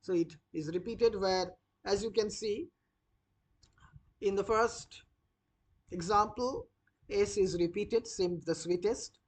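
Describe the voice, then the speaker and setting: A literature teacher dictates notes for students at a deliberately slow pace. Each phrase is repeated, and key words are spelled out one letter at a time. While explaining, the teacher pauses often with "uh". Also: medium pitch. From India. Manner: frequent "uh" fillers when explaining. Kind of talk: dictated lesson.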